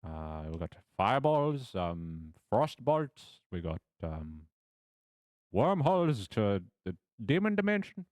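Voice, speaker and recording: A man voicing a cheerful male weapon vendor in an exaggerated mock-Irish lilt, loud and bouncy. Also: on the low side, big pitch swings, normal speed, hardly any pauses, no room sound. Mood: salesy. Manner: over-the-top stage-Irish phrasing, loud and bouncy.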